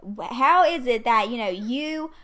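A woman's voice: a little high, expressive, a little slow, sharp tone. A woman voicing a fed-up young single mom. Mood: exasperated. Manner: exasperated, ranting. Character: fed-up young single mother scolding her ex. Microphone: USB condenser desk mic.

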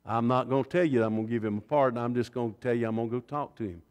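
A preacher voicing a stern, measured older governor who speaks low and deliberately. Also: male voice, steady tone, a little mellow, natural voice. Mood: grave. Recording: long hall reverb.

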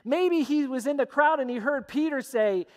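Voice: sits high, normal speed, darkish tone. A pastor preaching a sermon with emphatic, repeated phrases, recorded in a church sanctuary. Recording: long church hall reverb.

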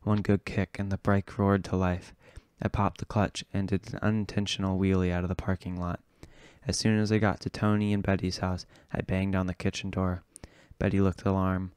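A man reading a novel aloud in a steady, low-key way. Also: moderate pace, clear, resonant tone, no echo, studio quality. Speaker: audiobook reader.

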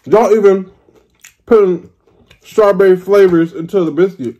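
A man in his thirties rants through a mukbang, exasperated and swearing as he drags out his complaints. His voice sits a little high for a man. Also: a little slow, long pauses, mellow. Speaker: food vlogger. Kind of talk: mukbang rant.

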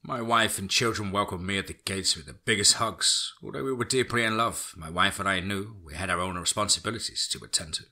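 A male podcast storyteller reading a first-person fantasy tale, steady and unhurried. His voice is low and husky with a hard, sharp edge.

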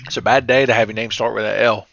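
A man's voice: fairly low pitch, steady tone, quick pace, gravelly, a bit bright, no echo. A man giving sarcastic, crude, joking commentary while playing a retro horror game. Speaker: let's play host. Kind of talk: comedic let's play commentary. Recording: slightly dull lo-fi mic with faint hiss.

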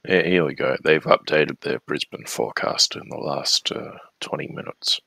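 A man's voice: very deep voice, normal speed, gravelly, bright, forceful tone, dry recording. A man hosting a livestream, telling anecdotes in a dry, wry way. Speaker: livestream host painting miniatures. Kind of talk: casual chat.

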